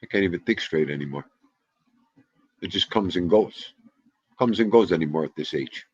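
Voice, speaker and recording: A man in his fifties hosts a casual livestream, greeting viewers one by one and joking around. His low voice is a little mellow with a breathy edge, and he talks at a moderate pace. The audio is dull and lo-fi, with no room sound.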